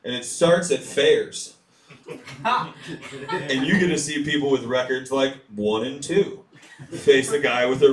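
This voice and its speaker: A man's voice: fairly high pitch, far from the mic. A man performing a stand-up set, telling rambling, profane stories and talking to the crowd. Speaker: stand-up comedian. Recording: echoey room picked up from afar with loud crowd.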